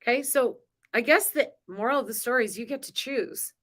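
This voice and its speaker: Woman host of a spiritual live stream. Chatty, emotional, laughs often, slightly high voice. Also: brisk, a bit bright. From grew up on a farm. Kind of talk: casual live-stream talk.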